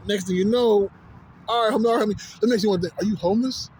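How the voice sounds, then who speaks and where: A man's voice: high-pitched, steady tone, fast talker, a little mellow, slight background noise, low-quality recording. A man from Texas ranting casually and profanely to the camera, full of slang fillers. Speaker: vlogger.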